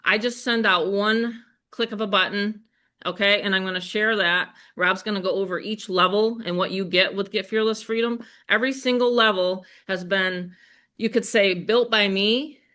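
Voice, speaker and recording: Bright-voiced older woman from Western New York. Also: medium pitch, steady tone, moderate pace. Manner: chatty, upbeat, talks to the audience. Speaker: webinar host. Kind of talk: live webinar sales pitch.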